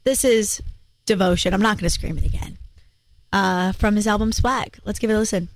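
A woman's voice: medium pitch, fairly quick, no echo. A young woman co-hosting a radio music show in a studio, chatty and playful. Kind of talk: casual radio chat. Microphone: studio microphone.

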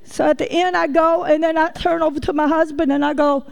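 Woman preacher, high voice, lively folksy storytelling, talks straight to the congregation. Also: brisk, gravelly. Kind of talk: sermon.

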